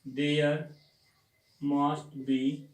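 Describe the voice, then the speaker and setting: A male teacher with an Indian English accent, giving a grammar lecture slowly and deliberately and repeating words for emphasis. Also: a little high, flat delivery, distant mic. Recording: echoey room, voice set back from the mic.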